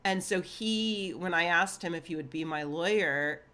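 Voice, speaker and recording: A woman's voice: lowish voice, normal speed, pushed and bright. A woman in her thirties from the United States giving casual reaction commentary, wry and laughing often. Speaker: video reactor.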